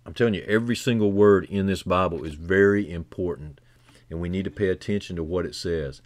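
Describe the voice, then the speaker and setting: Delivered a little fast and recorded dry, this sermon swells from soft, low moments into fervent, loud climaxes. The preacher repeats key phrases for emphasis.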